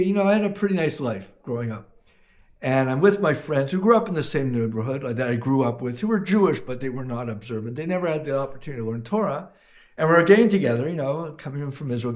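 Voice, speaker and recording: A jolly rabbi from Canada recounts stories in an interview, his voice at an everyday middle pitch. He talks warmly and laughs, with plenty of fillers along the way. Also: roomy sound. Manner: jolly, warm anecdotes with laughter, frequent fillers. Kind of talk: storytelling interview.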